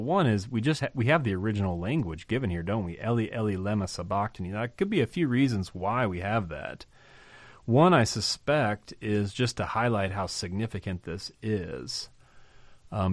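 A man with a low voice explains scripture in a podcast-style Bible teaching. He talks in a thoughtful, explanatory way and poses rhetorical questions. The sound is dry and close. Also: dry recording.

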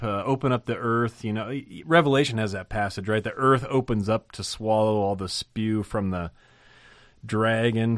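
A man with a somewhat low voice leads a relaxed podcast Bible lesson. He teaches with animated energy, posing rhetorical questions and then answering them, and he repeats words to stress them. The sound is dry and close, with little room echo. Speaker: podcast host and theology professor.

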